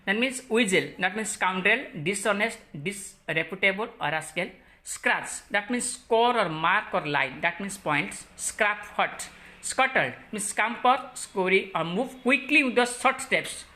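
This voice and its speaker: Woman teacher, Odia English accent, crisp bright tone, halting, lots of fillers while listing word meanings. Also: mid-range voice. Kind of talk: classroom lesson explaining a story.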